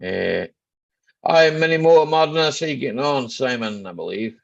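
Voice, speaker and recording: A man's voice: mid-range voice, expressive, moderate pace, vocal fry. A middle-aged Scottish man hosting a casual live chat from home, greeting viewers by name and joking. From Scotland. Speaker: live stream host. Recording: slightly dull lo-fi live stream audio.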